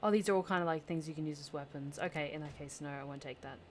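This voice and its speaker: A woman streaming a game, chatting casually and excitably with her viewers and muttering as she sorts through items. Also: sits low, quick pace, a little hiss or hum. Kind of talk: casual let's-play commentary.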